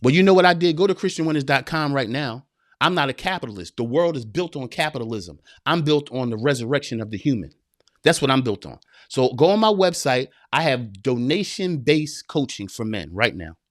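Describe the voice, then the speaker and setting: A man's voice: medium pitch, dry recording, clean studio sound. A man in his forties, a men's coach, giving an impassioned motivational speech full of repetition and street slang. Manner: preachy and emphatic, repeats phrases, street slang. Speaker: men's coach and podcast guest.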